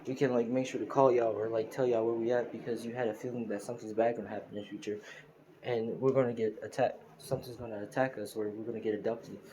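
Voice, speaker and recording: A man voicing a group of small, clever children in his own low voice, rambling on plainly. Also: flat delivery, fast, warm tone, a little hiss or hum, lightly acted, low-quality recording.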